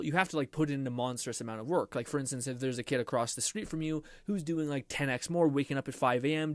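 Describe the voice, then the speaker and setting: A man's voice: medium pitch, dry recording. A man live streaming from his home computer, chatting casually with viewers and rambling and swearing while he troubleshoots his PC.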